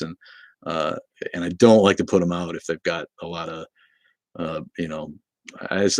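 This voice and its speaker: A man's voice: low-pitched, no room sound. A man hosting a casual livestream, chatting with viewers in a rambling way with lots of fillers and restarts. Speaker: livestream host reading chat. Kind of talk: casual live-stream chat.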